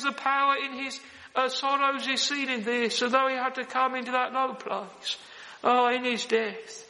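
In a large church hall, a male preacher gives a solemn, earnest sermon, his words ringing with long reverb. His voice is very high and bright, strongly tense, yet his tone stays flat and even.

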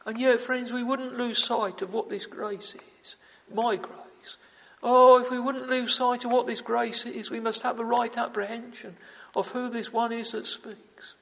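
Male preacher, very high gravelly voice, fervent and repetitive, reverberant church hall. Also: steady tone, moderate pace, a bit bright. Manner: fervent, repetitive, with emphatic "oh" exclamations. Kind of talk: sermon. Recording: long reverb of a large hall.

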